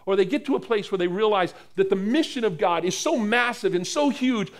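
Male preacher from the US East Coast, expressive storyteller, lively and high-pitched. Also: fairly quick, hardly any pauses. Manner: animated storyteller, acts out dialogue, repeats words. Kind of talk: sermon storytelling. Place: church hall with live audience.

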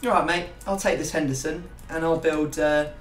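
Gaming host, young, loose rambling banter; echoey room, a touch off-mic. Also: male voice, fairly high pitch, steady tone, moderate pace, far from the mic, soft background music. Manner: rambling, self-mocking banter. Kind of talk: casual gaming chat.

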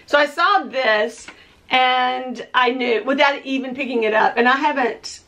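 Woman, a touch high, hoarse, casual vlog show-and-tell with a rambling delivery. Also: measured pace, fairly bright tone, soft background music. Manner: rambling, chatty, thinking aloud. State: losing her voice. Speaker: vlogger showing thrift finds. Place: home room with window open. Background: dogs barking.

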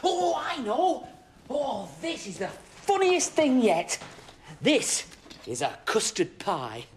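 A man's voice: very high-pitched, wildly swooping pitch, slow pace, slight background noise, heavily acted. A man playing a cheerful, fussy engine driver in a children's show, talking to viewers with exaggerated expression. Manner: exaggerated, chatty, addresses viewers. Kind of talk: children's TV acting.

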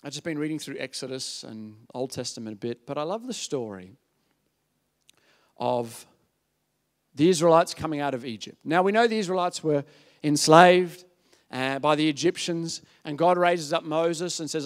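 A man preaching a sermon, telling a story in an animated way, acting out voices and often asking the audience "yeah?". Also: a little high, normal speed.

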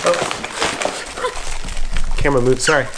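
A man's voice: medium pitch, unhurried, heavy background noise. A man chatting casually while unboxing dog toys and treats, laughing often and cooing at his dogs. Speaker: co-host of an unboxing channel. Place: home with dogs.

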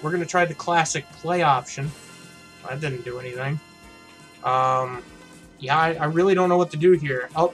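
A man's voice: on the high side, a bit bright. A man hosting a gaming channel, giving casual commentary as he plays, blunt and mocking, with frequent swearing.

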